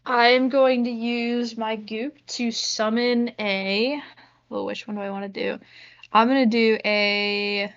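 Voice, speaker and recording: Slow, gravelly woman player. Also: a little high, steady tone. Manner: hesitant, thinking aloud. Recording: dull lo-fi audio.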